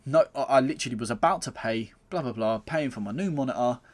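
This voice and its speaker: A man's voice: mid-range voice, fast talker. A man, co-hosting a podcast and telling blunt, sweary anecdotes. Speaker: podcast co-host. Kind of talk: casual chat.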